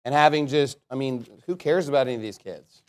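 A man preaching a sermon, reading scripture aloud and breaking into animated commentary, rhetorical questions and chuckling asides. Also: mid-range voice, fairly quick. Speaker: pastor.

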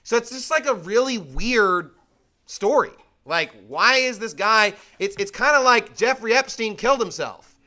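A man teaches the Bible casually and conversationally, packing in rhetorical questions and repeating his points emphatically. His voice is high-pitched and sharp, animated but unhurried.

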